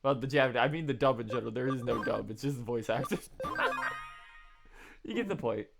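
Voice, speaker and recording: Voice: mid-range voice, expressive, normal speed, vocal fry, over loud music. A streamer reading every character's dialogue from a video game aloud during a live playthrough, with laughing asides in between.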